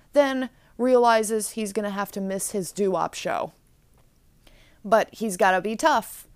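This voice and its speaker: A woman hosting a podcast, recapping an episode in a chatty, animated way. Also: on the high side, no echo. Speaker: podcast host.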